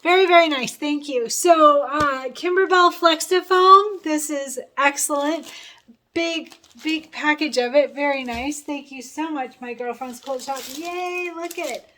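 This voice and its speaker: A woman's voice: high-pitched, a little slow, slight background noise. A woman hosting a sewing channel, gushing and laughing as she unboxes a sponsor's package. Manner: gushing, excited, laughs often. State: a little choked up. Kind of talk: unboxing vlog.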